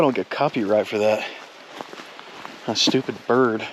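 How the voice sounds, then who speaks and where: A man's voice: lowish voice, unhurried. Chatty man vlogging over background noise. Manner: chatty, joking, talks to the camera. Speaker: outdoor vlogger. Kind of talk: casual vlog narration.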